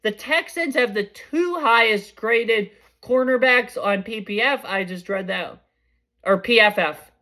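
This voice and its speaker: A man's voice: high-pitched, a little slow. Chatty young man giving sports picks. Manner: chatty, excitable, often corrects himself mid-sentence. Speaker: podcast host. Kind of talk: casual sports predictions.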